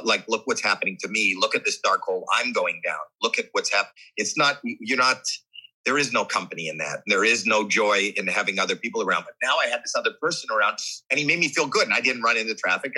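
A man telling a deeply personal story as an interview guest, animated and emotional, often restarting his sentences. His voice has a husky edge and a very bright, forceful tone. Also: a little fast, low-quality recording.

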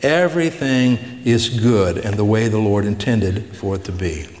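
Speaking at a moderate pace in a low-leaning, slightly mellow voice, a pastor gives a folksy, conversational Bible-teaching sermon. He puts questions to the congregation, and long hall reverb fills the recording.

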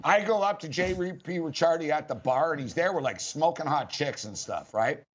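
Man, sports talk host, high-ish voice, animated storyteller, muffled lo-fi recording. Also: moderate pace. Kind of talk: casual storytelling chat. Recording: dull lo-fi audio.

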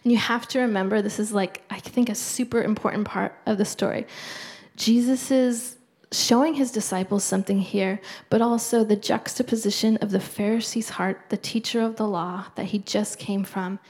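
Middle-aged woman preacher, gravelly, earnest and conversational, drops to a near-whisper. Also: mid-range voice, steady tone, normal speed, a little mellow. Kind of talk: sermon.

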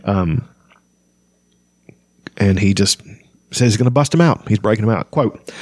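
A man's voice: lowish voice, normal speed, pauses often, a little mellow, slightly rough, no room sound, clean studio sound. A man who hosts a podcast, reading a fantasy novel aloud and chatting about it casually with frequent fillers. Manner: casual, hesitant, with many fillers. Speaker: book podcast host.

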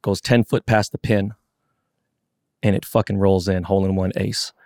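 Low-voiced man, swearing storyteller. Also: normal speed, dry recording, clean studio sound. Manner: excited, profane storytelling. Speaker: podcast co-host. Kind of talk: casual chat.

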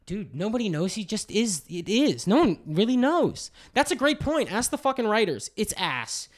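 A man's voice: high-pitched, big pitch swings, moderate pace. A man hosting a podcast, ranting in a casual, profane way about wrestling and telling stories. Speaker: podcast host.

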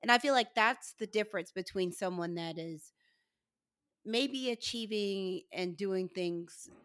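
A woman's voice: mid-range voice, measured pace, a bit bright, no room sound, clean studio sound. A woman hosting an interview podcast, encouraging her guest and reflecting on her points. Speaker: podcast host. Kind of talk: casual interview conversation.

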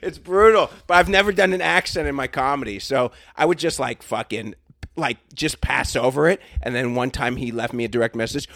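A man's voice: medium pitch, brisk, gravelly, fairly bright tone, no room sound. A man, a comedian guest on a podcast, telling crude, profanity-laced stories in a loose, rambling way. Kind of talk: casual podcast chat.

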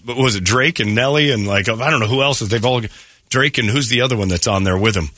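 A man's voice: mid-range voice, quick pace, no room sound, studio quality. A man hosting a morning radio show, chatting casually and joking with a laugh between lines. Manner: jokey, laughing, animated delivery.

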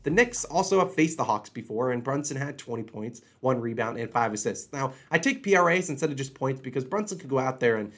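A man rattles through his sports betting picks at a quick clip, in a middle-pitched voice. He talks casually and with energy, often restarting mid-phrase. He sounds slightly under the weather. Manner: fast, animated, conversational with restarts. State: slightly unwell. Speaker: sports betting channel host.

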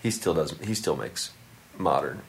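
A man with a low voice talks loosely in a hotel room. He fills his sentences with likes and uhs as he chats about music. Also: lively intonation, moderate pace, vocal fry. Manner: loose, laid-back, many fillers. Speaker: stand-up comedian guest. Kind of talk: casual chat.

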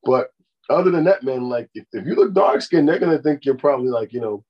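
A man co-hosting a podcast in casual chat, telling stories in a profane, animated way. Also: mid-range voice, quick pace, breathy edge, dull audio. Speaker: podcast co-host.

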